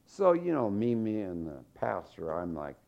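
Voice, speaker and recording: A man's voice: lowish voice, very animated, normal speed, gravelly, darkish tone. A man preaching a sermon in a folksy, joking storytelling manner. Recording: dull lo-fi sermon recording.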